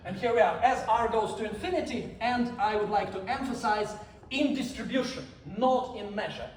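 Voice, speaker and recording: Male lecturer with a high voice who repeats points for emphasis, recorded from afar with a faint hum. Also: moderate pace. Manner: repeats key phrases for emphasis. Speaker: conference speaker. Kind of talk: mathematics lecture. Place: lecture hall. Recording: echoey hall, mic far off, faint hum.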